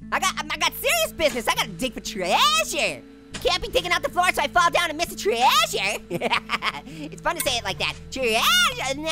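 Annoying Orange, squeaky and lively. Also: male voice, heavily acted. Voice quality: squeaky, giggly, punning. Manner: excitable, teasing, bursts into shouts. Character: hyper wisecracking male talking orange. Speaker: gaming channel host character. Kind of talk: let's play commentary.

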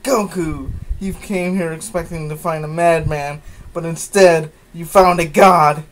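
A man's voice: fairly high pitch, fairly even intonation, measured pace, slight background noise, natural voice. A man reading as a smug dictator villain. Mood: gloating. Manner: mock-jovial.

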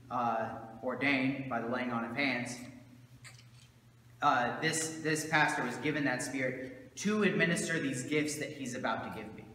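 A man's voice: medium pitch, pushed and bright, a little hiss or hum. A man, a pastor, teaching his congregation in a casual, conversational way with many fillers and asides, recorded in a church sanctuary. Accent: Southern American. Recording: roomy church hall with long echo.

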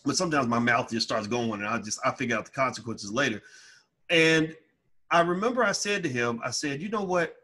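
A man telling a personal story in an emphatic monologue, growing loud and high-pitched when heated. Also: a little fast. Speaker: financial educator.

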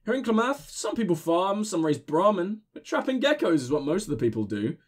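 A man's voice: high voice, very animated, brisk. A man voicing a shambling, drunken male town greeter with a slurred voice, reading game dialogue aloud. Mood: tipsy, rambling.

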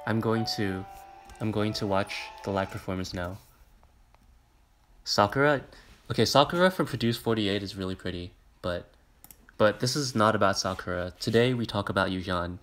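This casual live stream features a young man reacting to music videos, talking in a flat, subdued monotone at a moderate pace with frequent pauses. He rambles, uses lots of fillers, and reads comments aloud while pop music plays.

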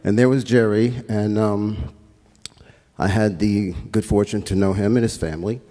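Man, memorial speaker, relaxed and rambling, deep dark tone, big hall sound. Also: moderate pace. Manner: relaxed, rambling with fillers and restarts. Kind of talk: anecdotal tribute speech. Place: theatre stage. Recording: long hall reverb.

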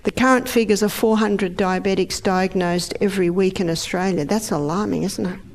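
A middle-aged woman giving a lively health lecture, acting out the body's organs in high, excited voices. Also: normal speed.

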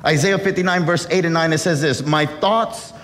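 Earnest pastor guy giving a sermon, slightly high voice, repeats himself, big echoey hall. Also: quick pace, a bit bright. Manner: earnest, repeats words and restarts often.

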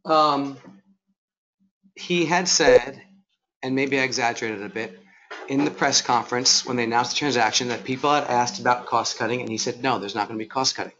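A male finance instructor talking to his class in a chatty, wry way. The recording is dull and lo-fi, with a faint hiss underneath. His pitch sits in the middle. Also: sharp tone. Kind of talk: classroom lecture with running commentary.

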